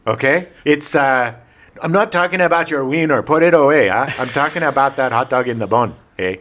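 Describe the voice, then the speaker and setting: Guy putting on a goofy canadian accent, lively bouncy voice, eh at every line. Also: mid-range voice, brisk, slight background noise, close to an everyday voice. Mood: mock-stern. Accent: Canadian, put on. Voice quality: exaggerated sing-song eh at line ends. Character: friendly Canadian man, chirpy, says eh.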